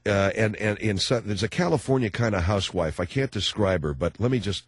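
A man hosting a talk radio show, chatting with callers in a rambling, halting way full of fillers and restarts, joking and slipping into mocking voices. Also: on the low side, expressive, husky, no room sound. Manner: jokey, breaks into mocking voices.

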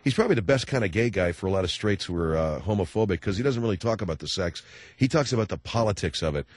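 A man hosting a talk radio show, chatting with callers in a rambling, halting way full of fillers and restarts, joking and slipping into mocking voices. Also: low voice, lively intonation, dry recording. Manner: jokey, breaks into mocking voices.

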